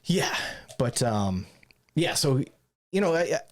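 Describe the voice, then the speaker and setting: A man's voice: medium pitch, very animated, slow. A man with a northern US accent hosting a podcast, chatting casually with a rambling, self-correcting manner and frequent laughs. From Michigan. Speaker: podcast host.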